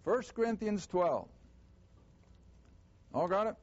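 A man teaching a Bible class, reading verses slowly and deliberately and stressing key words. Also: sits high, big pitch swings, a little mellow, highs cut off.

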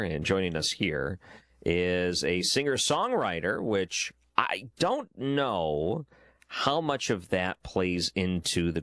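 Give me a male late-night radio host with a low voice, talking casually with a guest. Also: a bit bright, no echo, clean studio sound. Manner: conversational, stumbling restarts, laughs easily. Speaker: radio talk show host. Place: home basement office.

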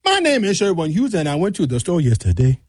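A man's voice: wildly swooping pitch, quick pace, a little mellow, breathy edge, no room sound, studio quality, full character voice. A man putting on a sing-song Nigerian accent. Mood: mock-formal. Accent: put-on Nigerian. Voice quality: starts high, sing-song swoops. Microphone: studio microphone.

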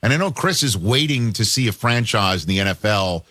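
A man's voice: fairly low pitch, animated, a little fast, sharp tone, no echo. A man hosting a sports talk radio show, talking emphatically and repeating words as he builds his points.

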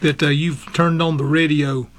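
A man preaching a sermon, earnest and halting, with frequent fillers, reading scripture aloud in old-fashioned wording. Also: on the high side, level tone. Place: radio broadcast.

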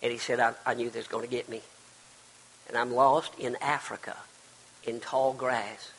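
An older man preaching a sermon as pastor, swinging between loud cries and hushed, quiet passages. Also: medium pitch, flat delivery, moderate pace, slightly rough. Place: church sanctuary. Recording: long reverb of a large hall.

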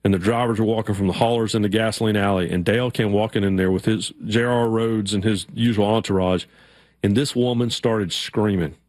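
Sports radio host, man, lively storyteller, close dry studio mic. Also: on the low side, brisk, no room sound. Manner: animated storyteller, acts out shouted quotes.

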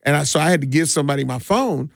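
A man's voice: a little high, quick pace, vocal fry, dry recording, clean studio sound. A middle-aged man from Milwaukee, a DJ who organizes community parties, telling stories in an easygoing way, with laughs and many restarts. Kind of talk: casual interview storytelling.

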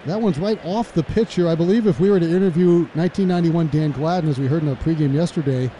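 A man calling a baseball game play-by-play, chatty and laughing between pitches. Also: quick pace, a little hiss or hum. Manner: chatty, laughs between calls, gets loud and excited on big plays. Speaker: play-by-play announcer.

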